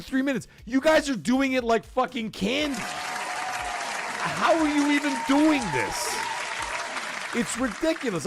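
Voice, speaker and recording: Brief: high, lively-voiced man streamer, breathless and profane, faint music and crowd under him. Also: vocal fry. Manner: excitable, swears a lot, swings from loud to mumbling. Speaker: livestream host. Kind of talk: casual late-night stream chat.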